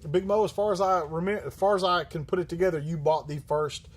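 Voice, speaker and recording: A man's voice: sits high, fairly even intonation, fast talker. A man hosting a livestream who answers viewer questions in a rambling, joking way, swearing often and using many fillers. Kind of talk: casual live-stream chat.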